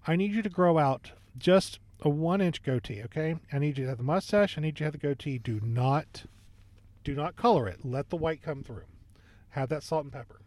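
A man with a slightly raised pitch riffs through a movie review, hedging with fillers and then landing punchy jokes. The recording is dry and close, with no room sound. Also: a little fast, a little mellow, dry recording. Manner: jokey, rambling, lots of fillers. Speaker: podcast co-host reviewing movies. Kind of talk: casual movie review chat.

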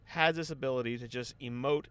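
A man's voice: mid-range voice, fairly quick, a bit bright, clean tone. A man from California co-hosting a casual movie podcast, chatty and playful. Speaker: podcast co-host. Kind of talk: casual movie review chat.

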